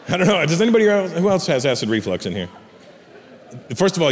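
Animated, profane stand-up comic in his forties. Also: mid-range voice, a little hiss or hum. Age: 40s. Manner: brash, profane, animated storytelling. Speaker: stand-up comedian. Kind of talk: stand-up comedy set. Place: theater stage. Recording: live show in a reverberant hall. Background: audience laughter, ambience.

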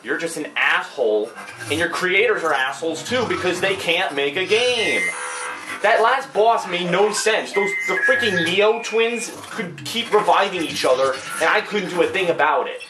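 A man's voice: high voice, animated, normal speed, reverberant, over music, poor audio. Man ranting angrily over a game. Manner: exasperated ranting, swearing. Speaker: gamer doing live commentary. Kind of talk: live gameplay commentary.

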